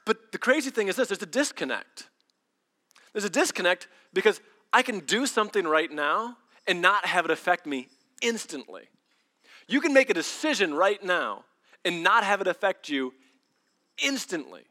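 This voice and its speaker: A man preaching a sermon in a lively storytelling manner, acting out voices with big swings in energy. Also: sits high, moderate pace. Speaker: pastor.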